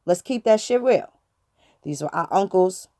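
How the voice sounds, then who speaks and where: A woman's voice: medium pitch, lively intonation, a little slow, warm tone, dry recording, studio quality. A woman with hosting her channel, talking in a blunt, preachy, casual monologue full of slang and profanity. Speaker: channel host.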